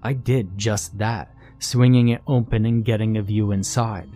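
A man narrating a first-person horror story in a tense, measured, scripted way. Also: fairly low pitch, fairly even intonation, dark tone, soft background music.

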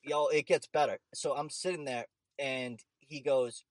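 A young man telling an animated, profane story in casual chat. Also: mid-range voice, unhurried, no echo.

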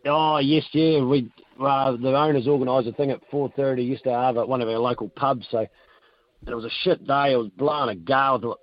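A hoarse racehorse trainer, chatting casually on the phone with radio hosts, rambling along with plenty of fillers. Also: male voice, medium pitch, no room sound. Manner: rambling, relaxed, halting with fillers. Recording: dull phone line.

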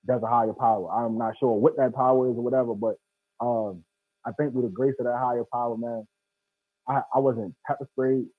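A man's voice: medium pitch, steady tone, a little fast, dry recording. A man telling a story in emphatic street slang, heard as a guest over a phone line. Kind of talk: casual storytelling.

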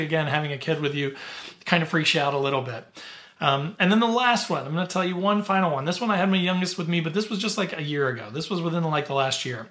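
A man's voice: fairly high pitch, fairly bright tone. A middle-aged man hosting his podcast, telling stories casually with lots of fillers and easy laughs. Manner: chatty, filler-heavy, laughs easily. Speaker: podcast host. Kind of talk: casual storytelling.

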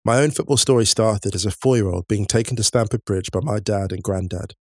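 Man, young adult, podcast co-host, casual chat, reads listener messages, slightly low voice, dry close recording. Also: brisk, no room sound. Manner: chatty, animated, laughs easily.

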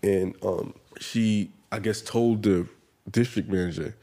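Speaking slowly in a lowish voice, this man is a guest on a casual podcast, spinning animated stories. His telling is profane, and he performs the voices of whoever he's quoting.

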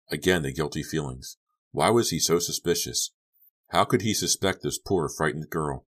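Male audiobook narrator, very deep voice, measured and suspenseful. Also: fairly bright tone. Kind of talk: scripted horror audiobook narration.

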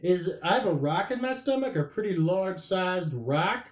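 A man's voice: high voice, animated, moderate pace. A man playing a tabletop game, jokey and swearing often. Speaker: player. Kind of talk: casual tabletop role-play chat. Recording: echoey room.

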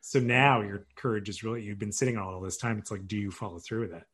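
A man's voice: on the low side, steady tone, quick pace, fairly bright tone, slightly rough. A man chatting casually as a podcast guest, easygoing and self-deprecating, laughing often. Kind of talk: casual chat.

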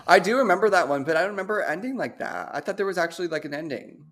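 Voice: medium pitch, very fast. A podcast host chatting casually with lots of fillers and reading a story from a website aloud. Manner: expressive, lots of "like", laughs easily.

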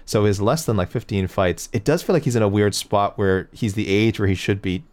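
A man's voice: fairly low pitch, fairly quick, darkish tone. A man hosting a casual MMA matchmaking show, reading out viewer picks and chatting through them in a rambling, self-correcting way. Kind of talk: casual livestream commentary.

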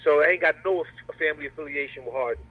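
Brief: male comedian guest, husky and a little higher-pitched, laid-back slangy joking, tinny phone-line sound. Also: quick pace. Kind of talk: casual interview over a call. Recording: tinny phone-like call audio.

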